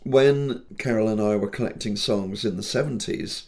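A man who collects folk songs, telling anecdotes in a chatty, relaxed interview. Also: on the low side, normal speed.

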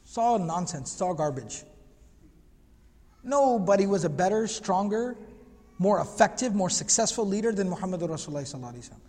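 Emphatic high-voiced man lecturing in a reverberant hall. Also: expressive, quick pace, darkish tone. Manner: emphatic, repeats phrases, rhetorical questions; recites Arabic phrases. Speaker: religious teacher. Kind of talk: lecture class on prophetic biography.

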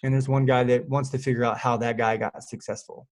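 A man's voice: mid-range voice, a little fast. A man who coaches fitness clients, chatting casually on a podcast and telling stories with lots of fillers. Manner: animated storyteller, lots of fillers.

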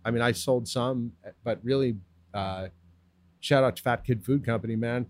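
A man's voice: medium pitch, moderate pace, a little mellow, no room sound. A man as a podcast guest, telling stories in casual, slang-heavy chat with lots of swearing. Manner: laid-back slangy storyteller, heavy swearing.

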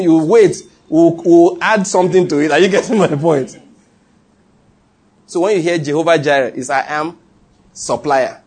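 A man with a Nigerian accent, preaching a sermon and telling stories, animated and laughing, with call-and-response. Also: on the high side, husky. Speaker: pastor. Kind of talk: sermon with storytelling.

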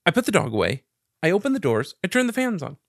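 A man's voice: sits high, wildly swooping pitch, fast talker, vocal fry, no echo, studio quality. A man telling a long story in casual, profane chat, laughing as he goes.

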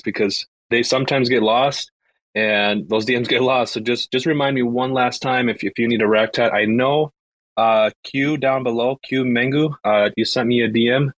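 A man at a middle pitch who talks in short, practical statements. His voice comes across dry and close, with no room sound. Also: fairly bright tone, no room sound, rough recording. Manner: brief, matter-of-fact. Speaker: guest. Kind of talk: casual chat.

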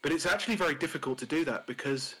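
A man's voice: a little high, expressive, very fast, a bit bright, breathy edge, poor audio. A man co-hosting a casual podcast chat, rambling with many fillers and restarts, and swearing now and then. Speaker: podcast co-host.

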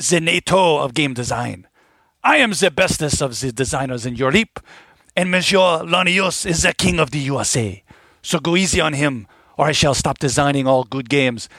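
A man's voice: on the high side, bright, forceful tone, no echo, studio quality, heavily acted. A man voicing a boastful, pompous French game designer in an exaggerated mock French accent, trading silly insults in a comic bumper. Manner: mock-grand, teasing insults.

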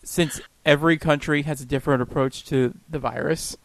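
Gravelly laughing podcast co-host man. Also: fairly high pitch, steady tone, a little fast, dry recording. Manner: laughs often, self-deprecating. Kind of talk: casual chat.

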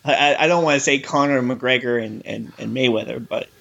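Casting: male co-host, mid-pitched voice, rambling joking film chat. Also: brisk, vocal fry, a bit bright, dull audio. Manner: rambling, joking, trails off with fillers. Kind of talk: casual film discussion.

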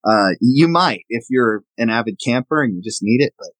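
A man's voice: mid-range voice, animated, normal speed, no echo, rough recording. A man from the American South, a knife maker guest, explaining and showing his work in a casual interview. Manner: explanatory, demonstrating objects as he talks.

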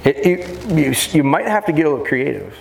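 A man's voice: a little fast, creaky. Man giving an echoey seminar talk. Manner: lively, jokey, acts out high baby-talk voices to dogs. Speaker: dog trainer giving a seminar. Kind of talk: live seminar talk to an audience. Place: large expo hall. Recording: echoey hall with faint noise.

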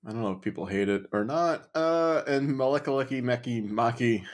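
A man's voice: mid-range voice, fairly quick. A man co-hosting a podcast in casual chat, rambling and self-deprecating. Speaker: podcast co-host.

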